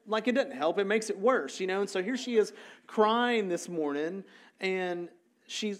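Chatty animated male preacher, higher voice. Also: moderate pace. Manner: conversational, animated storytelling with frequent fillers. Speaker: pastor. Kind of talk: sermon.

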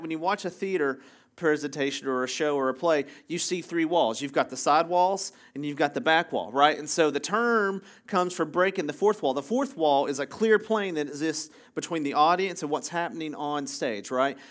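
A man's voice: a little high, a little fast, fairly bright tone. A man preaching a casual, conversational sermon, chatty and full of jokey asides, who keeps checking in with the congregation by asking "right?". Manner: self-interrupting, jokey asides. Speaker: pastor.

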